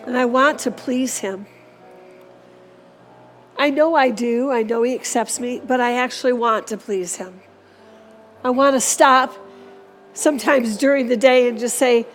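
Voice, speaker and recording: A woman's voice: a little high, a little slow, long pauses, faint music behind. A woman preaching a sermon in an earnest, repetitive way and closing in prayer.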